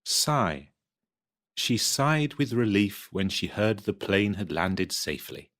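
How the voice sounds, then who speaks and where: Expressive man reading slowly. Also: fairly low pitch. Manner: clear, expressive reading of examples. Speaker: textbook audio reader. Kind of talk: scripted vocabulary reading.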